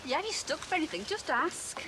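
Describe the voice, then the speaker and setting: A brash, chatty woman neighbour. She calls out loudly and stretches her words, in a very high voice that swoops all over. The sound is a noisy TV broadcast. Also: lively intonation. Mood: brassy. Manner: loud, brassy, drawn-out calls.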